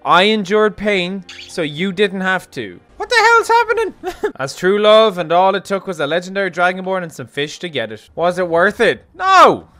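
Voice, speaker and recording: A man's voice: sits high, moderate pace, hardly any pauses, fairly bright tone, no room sound, faint music behind. A man giving casual, sarcastic game commentary, rambling and joking as he plays. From Ireland. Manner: rambling, sarcastic, jokey ranting. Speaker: gaming streamer. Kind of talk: casual let's play commentary.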